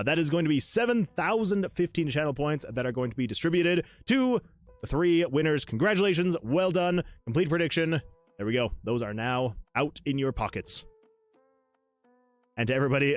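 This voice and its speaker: A man hosting a casual livestream, chatting excitedly with viewers, laughing often and reading chat messages aloud. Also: mid-range voice, no room sound. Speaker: livestream host and game developer.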